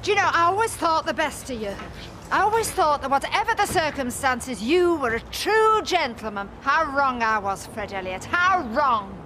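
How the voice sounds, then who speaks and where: Give me a hurt, exasperated woman in a TV drama. She pleads high and rises sharply, her voice swooping all over. Noticeable background noise sits under the recording. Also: big pitch swings, normal speed, pushed and bright, exaggerated voice. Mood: pleading. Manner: emotional, pleading then scolding. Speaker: woman pleading with a former fiancé.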